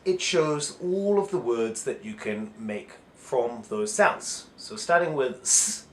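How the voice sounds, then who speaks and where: A male English teacher giving a casual phonics tutorial, explaining step by step with frequent "so" and "uh" fillers. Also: on the high side. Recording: echoey room.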